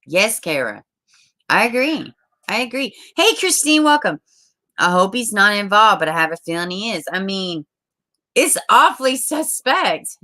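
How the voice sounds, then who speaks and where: Bright-voiced woman livestreamer. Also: mid-range voice, very animated, measured pace. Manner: chatty, swears, greets viewers with endearments. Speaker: livestream host. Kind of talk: casual livestream chat reading viewer comments.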